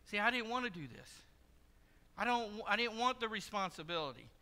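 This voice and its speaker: A pastor giving a sermon in a church, telling stories in a conversational, joking way. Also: male voice, high-pitched, very animated, brisk, sharp tone. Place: church sanctuary. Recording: long hall reverb.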